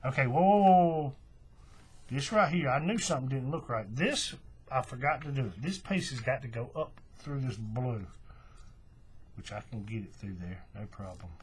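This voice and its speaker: A man's voice: medium pitch, normal speed, a little hiss or hum. A man hosting a hands-on craft tutorial, talking casually step by step while he works with his hands. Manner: relaxed, folksy, talks while working with his hands.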